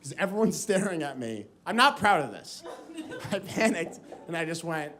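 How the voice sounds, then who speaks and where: A man's voice: a little high, big pitch swings, normal speed. An American man performing stand-up comedy, telling a story and acting out the voices of the people in it. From United States. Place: comedy club stage with live audience. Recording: live stage recording, loud crowd laughter.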